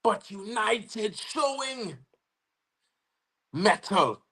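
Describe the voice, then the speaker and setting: A young Trinidadian man hosting a football watch-along livestream, slangy and excitable, bursting into shouts when his team scores. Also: high-pitched, very slow, slightly rough. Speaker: football fan livestream host. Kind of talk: live match watch-along commentary.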